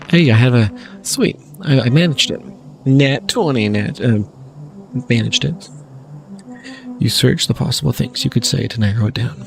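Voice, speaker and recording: A gaming channel host reads game text aloud while he plays, laughing often and tossing in wry asides. His voice sits at medium pitch with some vocal fry, moving at a moderate pace over faint game music.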